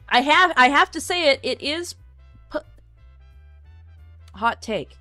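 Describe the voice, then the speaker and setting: Woman, streamer, animated casual chat, opinionated, fillers, dry recording, faint music behind. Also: sits high, slow pace, pauses often, no echo. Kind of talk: casual chat reading viewer comments.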